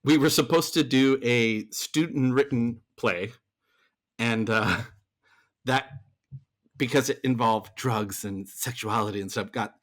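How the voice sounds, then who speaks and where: Animated man telling a story. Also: medium pitch, takes it slowly. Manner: animated, acts out quoted voices, frequent restarts. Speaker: podcast guest, theater performer and voice actor. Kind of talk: casual storytelling chat.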